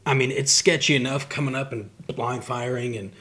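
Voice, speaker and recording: A man casually commenting on combat footage, relaxed and profane, with many fillers and restarts. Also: mid-range voice, moderate pace, slightly rough. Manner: laid-back, swears freely, trails off with fillers. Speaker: host reacting to combat footage.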